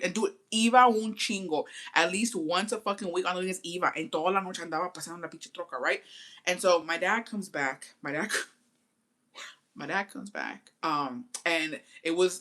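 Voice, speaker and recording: A woman's voice: on the low side, fairly quick. A young woman from Texas telling a personal story in a casual, profane, slangy way. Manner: profane, slangy, animated retelling. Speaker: storytime vlogger.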